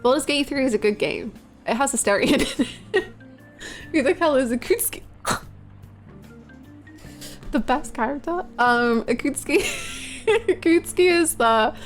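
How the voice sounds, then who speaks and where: A woman streamer chatting casually and rambling, giggling as she gushes over a game character. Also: fairly high pitch. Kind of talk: casual live-stream chat.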